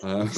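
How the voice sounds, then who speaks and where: A man with a British accent hosting a casual podcast interview, chatty and quick to laugh. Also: fairly high pitch, darkish tone. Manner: chatty, laughs easily, many restarts. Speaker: podcast host.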